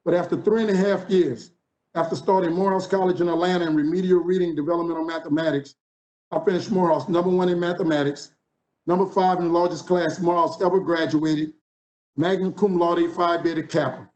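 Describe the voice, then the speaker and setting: High-voiced New Orleans man, rhythmic speech. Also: fairly even intonation, a little fast, darkish tone, dull audio. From New Orleans, USA. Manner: rhythmic preacher-like repetition. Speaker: conference keynote speaker. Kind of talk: motivational speech.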